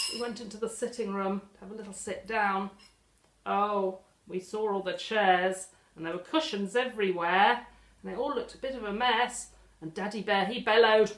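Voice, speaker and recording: A woman with an English accent telling a children's story as a library storyteller, animated and full of dramatic gasps. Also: a little high, normal speed. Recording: echoey room.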